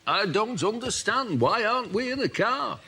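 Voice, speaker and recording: A man's voice: high-pitched, expressive, normal speed, pitched above the performer's own voice. A man playing a bumbling posh British prime minister who stammers and sounds pompous and flustered. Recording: loud background noise.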